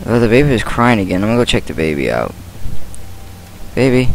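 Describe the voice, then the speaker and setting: A man's voice: fairly low pitch, very animated, fairly quick, gravelly, slight background noise, poor audio. A young man playing a horror game, reacting nervously and talking to himself as he goes. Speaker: gaming channel host. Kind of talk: horror game let's play commentary.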